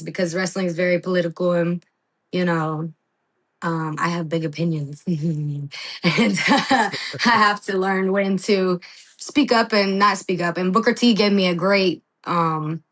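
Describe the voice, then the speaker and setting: A woman with a slightly low voice, guesting on a podcast. She tells her stories with energy, jumping into playful voices when she quotes people, laughing now and then and swearing without a care. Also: low-quality recording. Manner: lively storyteller, acts out quotes, laughs, swears. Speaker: wrestling guest. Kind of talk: casual podcast interview.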